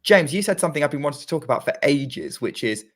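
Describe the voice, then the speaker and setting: A man's voice: on the high side, expressive. A British man co-hosting a casual tennis watchalong, calling the rallies live and chatting between points. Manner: running play-by-play, quickens during rallies. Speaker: podcast co-host doing live commentary.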